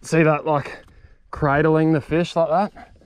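A young man, a fishing vlogger, talking excitedly to camera and to the fish outdoors on the water, swearing as he goes. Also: fairly high pitch, slow pace, slight background noise. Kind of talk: excited solo fishing commentary.

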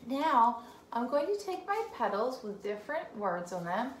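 A woman teacher leading a phonics game for young children, sounding out words slowly, repeating them and praising the child between turns. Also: fairly high pitch, very animated, reverberant, a little hiss or hum. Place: home room.

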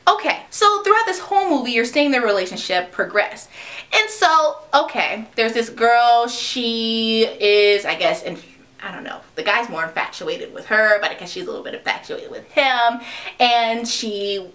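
A woman's voice: on the high side, expressive, moderate pace, fairly bright tone. A young adult woman giving a casual, chatty movie review with lots of fillers. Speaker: vlogger.

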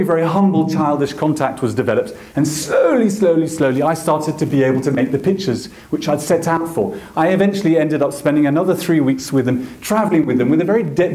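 Animated self-mocking male storyteller in echoey hall. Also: on the high side. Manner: self-mocking, animated storyteller who acts out quoted voices. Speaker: photographer giving a masterclass talk. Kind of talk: storytelling lecture on stage.

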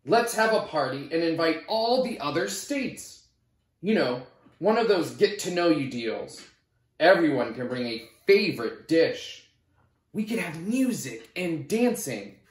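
A man voicing Kansas, a bored, glum male state in a storybook, drawing his words out slowly, recorded with a roomy echo. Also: a little high, very animated. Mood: eager. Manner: slow moping delivery.

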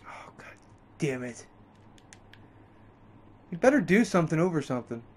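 A man gives let's play commentary on a video game in a sing-song, darkish voice at a moderate pace. He's frustrated and swears heavily, his pitch leaping up whenever he snaps. There's slight background noise.

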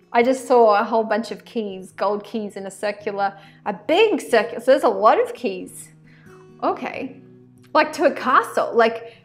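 A woman giving a chatty, excitable tarot card reading to her viewers, rambling with lots of "like" fillers. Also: high-pitched.

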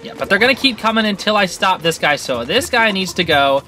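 Rambling gamer doing a playthrough, laughs a lot, super animated. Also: mid-range voice, brisk, faint music behind. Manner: excitable, rambling, laughs often. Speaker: gaming channel host. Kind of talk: let's play commentary.

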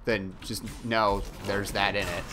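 A man's voice: on the low side, flat delivery, a little slow. A young man chatting casually while playing a game, rambling and mocking himself, with some swearing. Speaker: gaming YouTuber.

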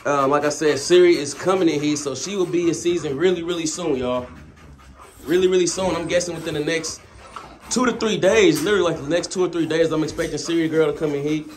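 Laid-back dog breeder man, slightly high voice. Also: quick pace. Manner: laid-back, talks to dogs mid-sentence; addresses viewers as y'all. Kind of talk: casual vlog.

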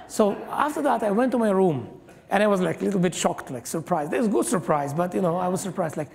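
A man preaches in a large church hall, his gravelly voice trailing into a long reverb. He speaks with emphatic, halting phrasing and scatters hallelujahs through the sermon. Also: high-pitched, sing-song. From Israel. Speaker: guest pastor.

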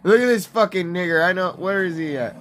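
A man streaming gameplay, crude and rowdy, chattering to himself and bursting into shouts. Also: high-pitched, a little fast. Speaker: livestreamer. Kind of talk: profane livestream gameplay chatter.

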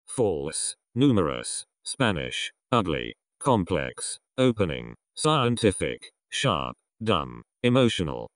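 A man reading a list of vocabulary words aloud one at a time, in a slow, measured way with pauses. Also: low voice, big pitch swings, no room sound, studio quality. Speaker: vocabulary reader.

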